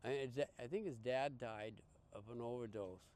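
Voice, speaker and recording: Male podcast guest, conversational storyteller, smooth clear tone, mid pitch, lots of false starts. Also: moderate pace. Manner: rambling, full of restarts and fillers, animated quoting. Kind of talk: casual storytelling.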